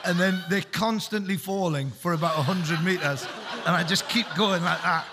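A man, a comedian guest, telling rambling, animated stories and laughing as he goes. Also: sits high, moderate pace, noisy background. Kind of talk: anecdotal chat.

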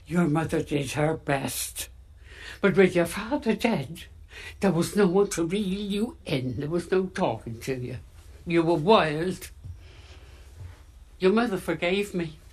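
A sorrowful elderly woman in a film scene. She speaks in a measured, pained voice, defending herself over the loss of a son. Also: lowish voice, animated, darkish tone, breathy edge, full character voice. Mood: grieving. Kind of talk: film dialogue.

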